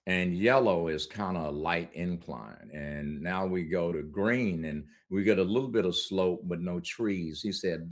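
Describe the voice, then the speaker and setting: A middle-aged man, a guest on an interview show, telling a personal story in a candid, conversational way, with frequent laughs. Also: sits low.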